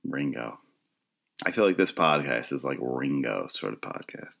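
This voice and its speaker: The voice is a bass, expressive and a little slow, creaky yet a bit bright. It belongs to a middle-aged podcast host from the Philadelphia area giving a wry, rambling, self-deprecating solo monologue in a casual style.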